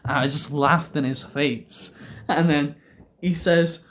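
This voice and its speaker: A man's voice: fairly high pitch, fairly even intonation, slow, fairly bright tone. A young man casually telling stories to camera, rambling, giggling often and swearing freely. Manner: rambling and giggly, laughs through his own stories. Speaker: vlogger.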